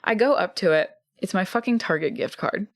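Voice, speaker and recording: A woman co-hosting a podcast, telling a story in casual, animated chat, swearing freely and acting out what people said. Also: mid-range voice, fairly quick, dry recording, studio quality. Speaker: podcast co-host.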